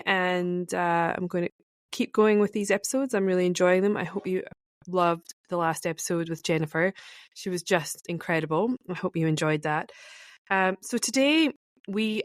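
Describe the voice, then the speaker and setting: A woman's voice: on the low side, no room sound, clean studio sound. A woman with a Scottish accent hosting her own solo podcast, talking in an enthusiastic, chatty way with many fillers. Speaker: podcast host.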